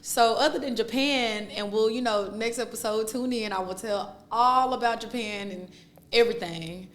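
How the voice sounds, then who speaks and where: High-pitched playful woman. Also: normal speed. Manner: playful, laughing often. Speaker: podcast co-host. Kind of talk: casual chat.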